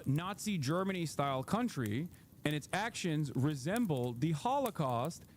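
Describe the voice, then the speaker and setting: A man's voice: sits high, a little hiss or hum. A man in his thirties reacting to clips on a live stream, ranting heatedly and swearing often.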